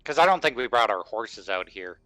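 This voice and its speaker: A man's voice: on the low side, very animated, a little fast, fairly bright tone, no echo, low-quality recording. A man playing a tabletop game, speaking hesitantly and thinking aloud with many fillers. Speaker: player.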